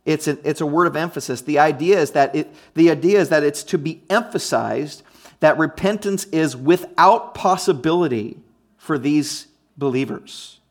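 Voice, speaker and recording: A man's voice: a little high, normal speed. A man preaching a conversational teaching sermon, emphatic and often checking in with his listeners. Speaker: pastor.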